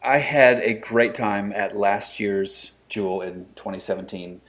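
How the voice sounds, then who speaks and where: A man's voice: lowish voice, unhurried, fairly bright tone. A man hosting a podcast, chatting and joking with his guests. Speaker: podcast host. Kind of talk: casual interview.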